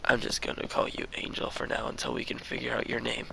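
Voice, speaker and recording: A man voicing Henry, a curious and polite man who asks questions in a low, whispery way, as he reads a fan story aloud. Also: completely flat delivery, fast talker, gravelly, sharp tone, slight background noise, poor audio. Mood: urgent.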